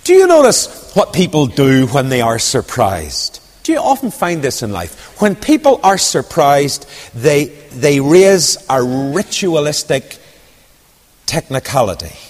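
A man with a lilt preaching a storytelling sermon, dropping to quiet asides and rising to loud, ringing declamation. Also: medium pitch, very animated, unhurried. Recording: long hall reverb.

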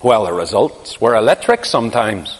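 A man's voice: on the low side, animated, normal speed. Dramatic preacher man in a reverberant hall. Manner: dramatic storytelling, swings from hushed to crying out. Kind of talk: sermon.

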